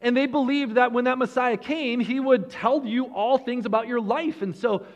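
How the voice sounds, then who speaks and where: A male preacher giving a sermon to a room of listeners, retelling a story in an animated way, with frequent restarts. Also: very high voice, normal speed, in a large hall, lo-fi sound. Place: large room with an audience.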